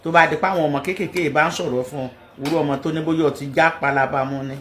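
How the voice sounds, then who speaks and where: A man's voice: on the high side, steady tone, fairly bright tone. A man delivering a moral scolding packed with proverbs and repeated refrains. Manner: preachy, proverb-laden, rapid.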